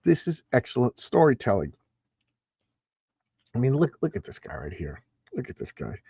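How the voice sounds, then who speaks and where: A man's voice: medium pitch, big pitch swings, moderate pace, creaky, darkish tone, breathy edge. A man talks through a comic on a casual home livestream, leaning on words for emphasis and restarting sentences as he goes. His voice sits in the middle range. The sound is a little dull and very dry, with no room echo. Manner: chatty, emphatic, frequent restarts. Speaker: comic book channel host.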